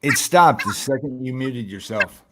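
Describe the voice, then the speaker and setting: A man's voice: mid-range voice, a little slow, background noise. A man joining a livestream chat, friendly and laid back, calling others brother. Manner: friendly, calls people brother. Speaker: guest on a livestream. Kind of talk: casual chat.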